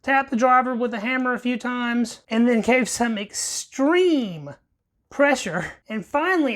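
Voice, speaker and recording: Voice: medium pitch, fairly bright tone. A rifle reviewer giving a wry, plain-spoken running commentary over a workbench teardown. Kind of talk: casual workbench narration.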